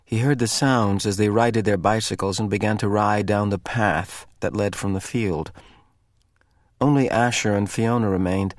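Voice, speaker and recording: A man reading a novel aloud with expressive, measured narration. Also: lowish voice, no room sound, clean studio sound. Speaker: reader.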